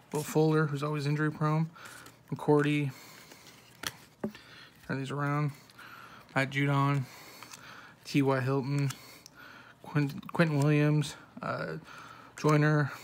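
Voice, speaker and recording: A man opens packs at home and reads off names in a soft, flat run with quick little asides. His voice sits slightly high for a man and has a gravelly edge. A faint hiss and the crinkle of wrappers stay under him. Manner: rattles off player names one by one with quick asides. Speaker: card-opening channel host. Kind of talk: casual card-opening commentary.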